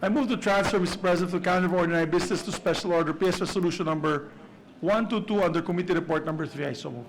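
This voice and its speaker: A man's voice: sits high, rapid-fire, low-quality recording. A man, speaking as majority leader in a formal floor speech, with frequent hesitations. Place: legislative chamber.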